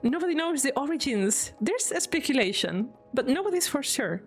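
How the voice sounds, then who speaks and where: A woman's voice: high voice, sing-song, moderate pace, soft background music. Chatty Spanish woman streamer, giggling often. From Spain. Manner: chatty, giggly, explains with examples. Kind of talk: casual live-stream chat.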